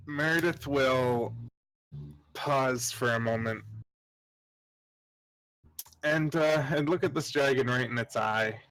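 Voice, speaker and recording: A man playing a tabletop game who chats casually, with fillers. His voice is gravelly and the sound is close and dry. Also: mid-range voice, slow, long pauses, a bit bright, no room sound, low-quality recording. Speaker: player.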